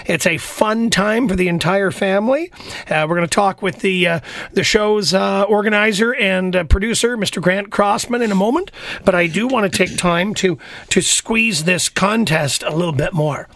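A middle-aged man hosts a radio call-in show, upbeat and promotional, repeating phone numbers and using lots of fillers. He has a high, slightly bright voice with vocal fry, speaks at normal speed, and is recorded on a studio microphone with no room sound.

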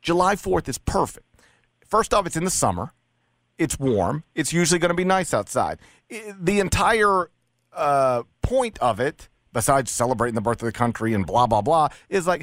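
Middle-aged male radio host, animated and argumentative, bright lively delivery, dry booth sound. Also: on the high side, moderate pace, no echo. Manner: animated, argues his case with stammered restarts. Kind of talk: casual talk radio banter.

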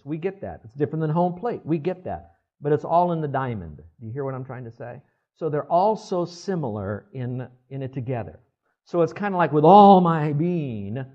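A man's voice: medium pitch, darkish tone. A man in his sixties, a pastor preaching a sermon and often asking the congregation to respond. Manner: conversational, asks the congregation for responses. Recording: dull lo-fi sermon recording.

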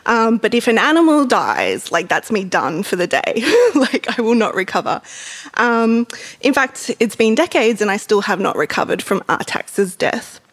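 A woman's voice: on the high side, big pitch swings, moderate pace, a bit bright. A woman, an author, chatting casually about books in a giggly way with lots of fillers. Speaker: author and book vlogger. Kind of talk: casual book chat and reading aloud.

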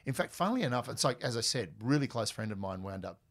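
A middle-aged man, a guest telling animated stories in a conversation. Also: mid-range voice, fast talker. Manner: animated, lively anecdotes with quoted dialogue. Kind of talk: storytelling in a conversational interview.

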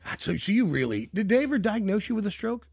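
A man's voice: high voice, sing-song, fast talker, gravelly, a little mellow, breathy edge, no echo, clean studio sound. A man hosting a radio show, chatting casually and jokingly with a caller and often trailing off into fillers. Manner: rambling, jokey, trails off with fillers.

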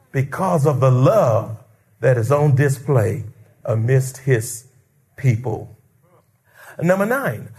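A male pastor preaching a sermon, animated and conversational, acting out quotes and calling out to the congregation. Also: medium pitch, slow pace, pauses often. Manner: animated, call-and-response preaching with acted-out quotes.

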